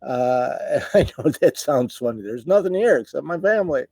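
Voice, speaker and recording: A middle-aged man chats with viewers on a livestream, tired and stumbling through his words with many fillers. His voice is mellow and warm, recorded close and dry with no room sound. He sounds emotional and worn out. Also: medium pitch, lively intonation, moderate pace, gravelly, husky, dry recording. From United States. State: tired, voice wearing out. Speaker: livestream host. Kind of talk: casual live chat reading viewer comments.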